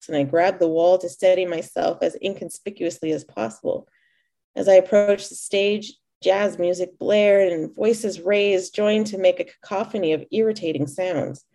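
A woman author and poet reading her own fiction aloud in a measured, expressive way. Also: lowish voice, creaky.

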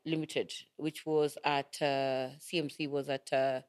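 A woman's voice: very deep voice, flat delivery, a little slow, darkish tone, clean tone. Chatty middle-aged Kenyan woman. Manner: chatty, laughs often, acts out quoted dialogue. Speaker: guest. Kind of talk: casual interview storytelling.

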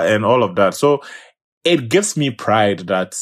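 A man from Ghana with a Ghanaian accent, chatting as a guest and telling stories in an animated way. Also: fairly low pitch, unhurried. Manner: animated storytelling with quoted voices. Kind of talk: casual conversation.

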